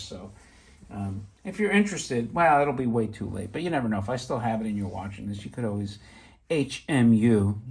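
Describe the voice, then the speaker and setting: Chatty, excitable middle-aged man, husky voice. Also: mid-range voice. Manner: chatty, excitable, rambling asides. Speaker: toy collector vlogger. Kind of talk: casual show-and-tell.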